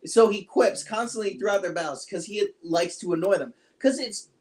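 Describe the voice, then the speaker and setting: A podcast co-host chatting casually about movies, animated and acting out quotes. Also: moderate pace. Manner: animated, acts out quotes with big pitch jumps.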